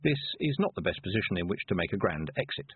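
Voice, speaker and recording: A man voicing a fierce young girl witch in a storybook reading, indignant and demanding in a husky voice. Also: low voice, sing-song, quick pace, dry recording, full character voice. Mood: coldly threatening. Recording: dry, phone-like narrow sound.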